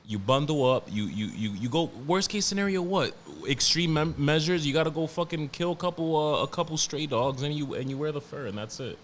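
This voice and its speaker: A man's voice: on the high side, a little fast, few pauses, slight background noise. A man hosting a solo podcast, ranting in a casual, profane and emphatic way, often repeating himself and restarting sentences. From New York. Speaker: podcast host.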